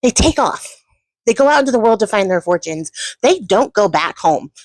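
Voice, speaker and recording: A woman's voice: mid-range voice, animated, fairly quick, no echo, low-quality recording. A woman retelling a fairy tale in a chatty, casual way, laughing often and swearing. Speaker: storyteller and channel host.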